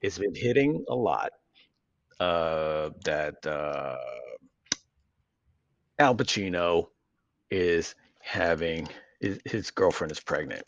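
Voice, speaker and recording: A man with a low voice rambles through a crude, joking podcast chat, tripping over restarts as he goes. His pitch swings widely from line to line. The sound is dull and lo-fi, with a dry, close feel. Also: expressive, slow pace, gravelly, pauses often, dry recording. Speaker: podcast co-host. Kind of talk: casual unscripted chat.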